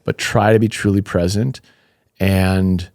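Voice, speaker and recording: Upbeat low-voiced man in his fifties. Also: measured pace, dry recording, clean studio sound. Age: 50s. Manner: upbeat, animated storytelling with fillers. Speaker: podcast guest, supplement company founder. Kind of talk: casual interview chat.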